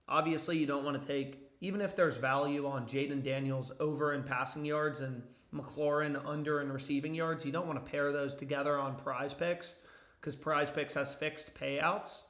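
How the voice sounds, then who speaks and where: Excitable young man streaming in an echoey room. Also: fairly high pitch. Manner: profane, rambling and excitable. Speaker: sports betting streamer. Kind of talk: casual live-stream chat. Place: home basement.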